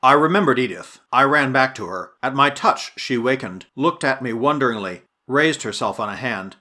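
Expressive male audiobook narrator. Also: mid-range voice, normal speed. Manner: dramatic, expressive reading. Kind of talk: scripted narration.

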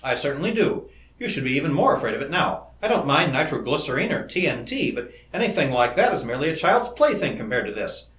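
A man reading the part of a calm, cautious male scientist in an audiobook, in a roomy-sounding recording. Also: fairly high pitch. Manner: measured and cautious. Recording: roomy echo.

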